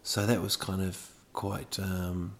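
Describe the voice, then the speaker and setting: A man's voice: sits low, completely flat delivery, slow pace. A man hosting a podcast, telling a rambling comic monologue full of digressions and self-mocking asides. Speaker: podcast host.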